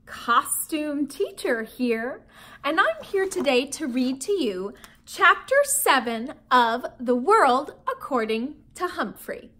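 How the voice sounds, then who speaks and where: Slow, lively Minnesota woman teacher. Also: sits high. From Minnesota, United States. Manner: friendly, expressive teacherly delivery. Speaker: teacher reading to students. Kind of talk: children's read-aloud storytelling.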